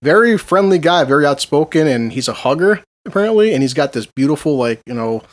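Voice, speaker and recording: A man's voice: on the high side, animated, a little fast. A man in his late thirties, a podcast host telling a rambling story in casual chat, laughing often. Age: 30s.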